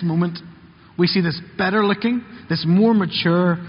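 Man, sermon, earnest, fairly high-pitched, muffled sound, long hall reverb. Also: normal speed. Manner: earnest, acts out characters' lines in quotes. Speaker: preacher.

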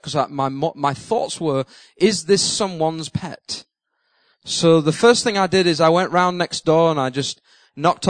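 A man's voice: fairly high pitch, dry recording, low-quality recording. A middle-aged man preaching, telling a funny story and acting out his own panic. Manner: animated, self-mocking storyteller who acts out his own panic. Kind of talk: sermon storytelling.

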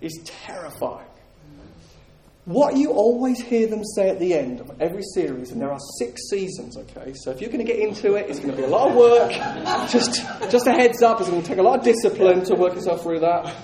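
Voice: medium pitch, lively intonation, a little fast, crowd noise. A preacher delivering a sermon, emphatic and repeating key phrases, with jokes for the congregation. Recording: roomy echoing hall.

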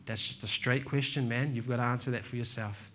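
A man preaching a sermon in a relaxed, slangy way, telling stories and calling listeners "man" and "bro". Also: mid-range voice, fairly quick. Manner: laid-back, slangy, says "man" and "bro". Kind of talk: casual sermon with storytelling.

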